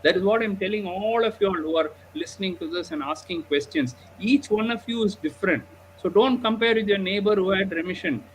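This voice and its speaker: A man's voice: high-pitched, fairly quick, few pauses, a little hiss or hum, poor audio. A man, a diabetes doctor, telling a story animatedly in a live discussion, often adding 'okay?' and 'you know'.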